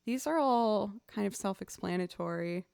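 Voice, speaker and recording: A woman's voice: medium pitch, expressive, normal speed, gravelly, darkish tone, clear, resonant tone, no room sound. A woman streaming as a musician, talking in a casual, chatty and upbeat way to her viewers. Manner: chatty and upbeat, says "y'all". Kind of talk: casual livestream chat. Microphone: studio mic run through audio software.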